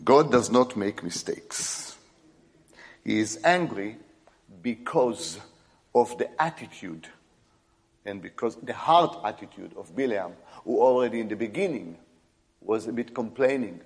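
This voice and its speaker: Male preacher, slow and emphatic, lively pitch, sermon delivery. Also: husky, in a large hall. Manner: animated, emphatic, swings from loud exclamations to quiet asides.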